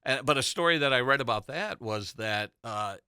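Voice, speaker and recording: A man's voice: medium pitch, lively intonation, normal speed, bright, forceful tone, clear, resonant tone, dry recording, clean studio sound. A man on a casual movie podcast, telling film trivia anecdotes with enthusiasm. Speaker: podcast co-host.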